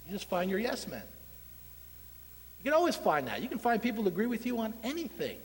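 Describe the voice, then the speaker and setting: A man's voice: high voice, wildly swooping pitch, brisk, in a large hall. A man preaching a sermon in a conversational, wry way, asking his congregation questions. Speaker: pastor.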